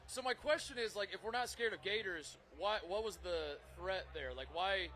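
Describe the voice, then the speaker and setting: Excitable high-voiced man chatting in a bar. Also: normal speed. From northern United States. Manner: animated storyteller, laughs often. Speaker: co-host. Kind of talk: casual chat. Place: crowded bar.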